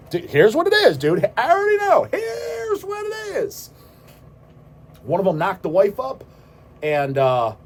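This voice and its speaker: A man hosting a metal vlog, ranting in a rambling, heavily profane monologue that now and then bursts into shouts. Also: a little high. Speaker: host of a metal vlog channel.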